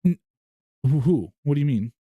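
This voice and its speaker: Halting man arguing on a podcast. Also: fairly high pitch, expressive, no echo, phone-quality sound. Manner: halting, repeats words, argumentative. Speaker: podcast co-host. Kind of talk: casual chat.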